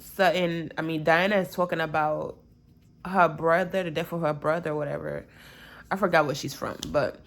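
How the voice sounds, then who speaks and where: A woman's voice: sits low, creaky, fairly bright tone. A young woman recapping a reality show episode in a chatty, gossipy way, with sarcastic asides.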